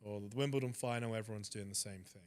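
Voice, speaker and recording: A man's voice: fairly low pitch, fast talker. A man with an English accent, a guest telling stories in a casual chat. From Britain. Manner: animated storyteller. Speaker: interview guest.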